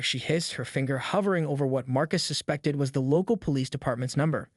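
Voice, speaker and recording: A man's voice: on the high side, brisk, dry recording, studio quality. A man reading a dramatic story as a narrator in a scripted way.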